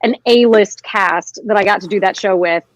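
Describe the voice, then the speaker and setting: A woman's voice: medium pitch, normal speed, dry recording. A woman co-hosting a casual chat, talking in an enthusiastic, reflective way. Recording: dry, dull lo-fi sound.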